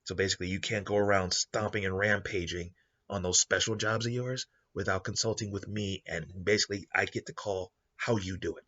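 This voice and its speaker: A man hosting a podcast, casually pitching a dark fantasy story idea and briefly voicing the characters as he goes. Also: a little fast, highs cut off. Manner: animated, acts out quoted characters in passing. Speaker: podcast host.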